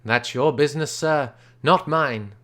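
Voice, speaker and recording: A man's voice: on the high side, unhurried, fairly bright tone. A man voicing a smug, offhand auctioneer who talks breezily and dismissively.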